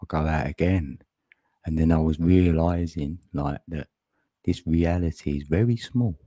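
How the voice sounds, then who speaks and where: A man's voice: rumbling low, measured pace, mellow, breathy edge, no echo. A man chatting casually on a live stream, laughing often and greeting viewers by name.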